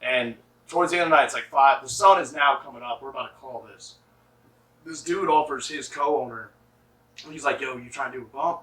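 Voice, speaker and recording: A man's voice: medium pitch, fairly quick, sharp tone, distant mic. A young adult man telling stories casually, swearing freely and filling his talk with "like.". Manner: loose, profane, fills with 'like'. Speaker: musician guest. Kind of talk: casual storytelling. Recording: echoey room, mic from afar.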